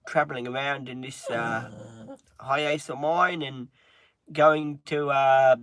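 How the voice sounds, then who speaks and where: A man chatting on a livestream in a halting, earnest way, with many pauses and restarts, openly upset. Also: medium pitch, fairly even intonation, a bit bright. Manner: halting, frequent ums and restarts. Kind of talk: casual livestream chat.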